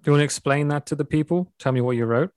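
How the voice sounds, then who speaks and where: A man's voice: fairly high pitch, very fast, background noise. A man from Sweden, hosting a podcast and teasingly quizzing his guest. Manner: teasing, playful quizmaster. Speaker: podcast host. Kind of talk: quiz-style podcast chat.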